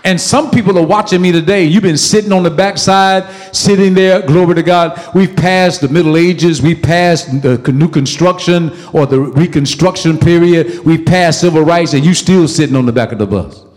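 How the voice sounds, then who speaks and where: A man preaching a sermon as pastor, emphatic and call-and-response, with sudden loud peaks. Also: a little high, moderate pace, hardly any pauses, big-room sound.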